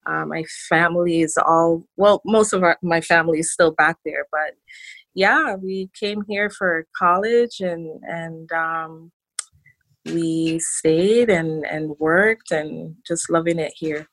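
A woman in her thirties from Saint Kitts with a Kittitian Caribbean accent, chatting easily as a podcast guest, pausing on fillers and laughing often. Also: sits low, a bit bright, no echo. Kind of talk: casual podcast conversation.

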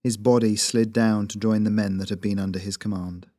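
A man reading his own fantasy fiction aloud in a steady, measured narration. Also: lowish voice, no room sound, studio quality. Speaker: author and narrator.

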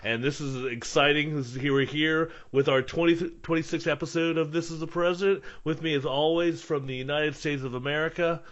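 A man's voice: fairly high pitch, steady tone, brisk, hardly any pauses, a bit bright, dull audio. A man co-hosting a podcast in casual, joking chat, laughing often. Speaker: podcast co-host.

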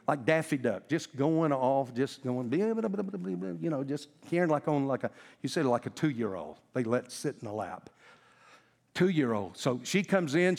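A male pastor telling a story in a sermon, in a folksy, animated way. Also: on the high side, long reverb tail.

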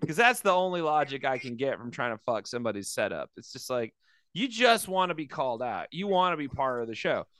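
A man's voice: mid-range voice, big pitch swings, a little fast, fairly bright tone, no room sound. A man chatting casually as a comedian co-host, acting out quotes in different voices and swearing freely. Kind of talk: casual podcast chat.

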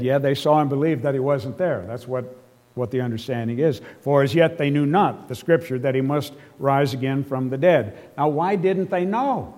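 A man's voice: fairly high pitch, a little mellow. A man preaching a sermon, explaining scripture earnestly and emotionally, with casual asides to his listeners. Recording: long reverb of a large hall.

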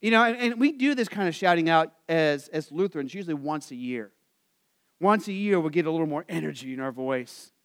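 A man, a Lutheran pastor, preaching a sermon in a conversational way, with lots of "you know" asides, and lifting into energetic emphasis. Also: on the high side, brisk, clear, resonant tone. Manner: rises to excited, energetic emphasis.

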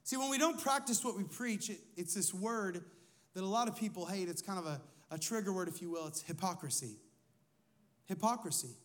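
A lead pastor with a high, slightly fast voice preaches a sermon conversationally, asking his listeners questions and sharing personal stories.

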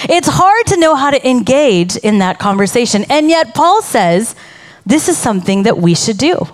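A woman pastor preaching a sermon in a church, talking conversationally and drawing the congregation into call-and-response. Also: high voice. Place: church sanctuary.

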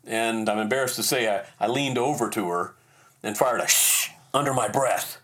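A man hosting a podcast, telling a personal story in a self-deprecating, animated way. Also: fairly low pitch, normal speed. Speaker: podcast host.

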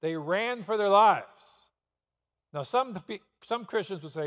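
A man's voice: fairly high pitch, lively intonation, moderate pace, a bit bright. A man pastor preaching a sermon in a church, asking rhetorical questions and pressing points with sudden emphasis. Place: church sanctuary. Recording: long reverb of a church hall.

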